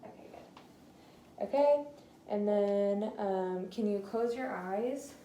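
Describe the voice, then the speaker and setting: A woman's voice: mid-range voice, slow, warm tone. A woman talking through a clinical nerve exam in a hesitant way, with many fillers, in an echoey room. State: slightly out of breath. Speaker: student doing a clinical neuro exam. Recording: echoey room, faint noise.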